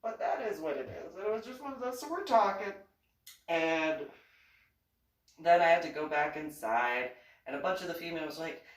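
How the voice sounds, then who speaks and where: A woman's voice: fairly low pitch, expressive, normal speed, distant mic. A woman with an East Coast American accent telling a personal story in a chatty way, laughing often and acting out the voices of the people she quotes. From East Coast of the United States. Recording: echoey room, set back from the mic.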